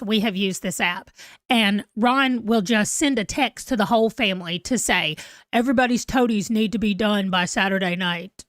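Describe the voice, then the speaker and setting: A woman's voice: fairly high pitch, a bit bright, no room sound, studio quality. A woman in her forties, chatting casually and rambling to viewers on a live stream. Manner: rambling, chatty, self-deprecating. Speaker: book vlogger.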